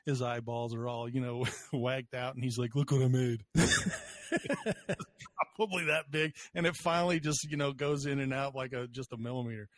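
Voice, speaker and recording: A man's voice: mid-range voice, normal speed, fairly bright tone, dry recording. A man co-hosting a podcast in casual chat, teasing his friend and laughing often. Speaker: podcast co-host.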